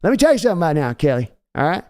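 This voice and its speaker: A swaggering older football team owner, as a man puts him on, wheedling and folksy, circling back over the same boasts. The voice sits well above a normal speaking pitch yet keeps a mellow, unforced tone. He sounds like he is working the phone to charm someone into a deal. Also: sing-song, very fast. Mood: boastful. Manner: folksy, wheedling, repeats himself.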